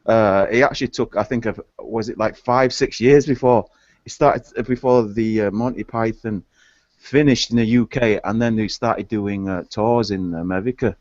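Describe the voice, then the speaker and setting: A man with a Yorkshire accent chatting casually in a group call, relaxed and hesitant with fillers. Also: fairly low pitch, moderate pace, no echo, muffled recording. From Yorkshire, England.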